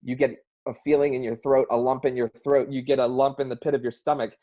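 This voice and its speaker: Over a lo-fi video call, a Southern US-accented man speaks briskly at a medium pitch with little pitch movement. He's a guest in an emotional personal interview, sharing his own experience earnestly and expressively.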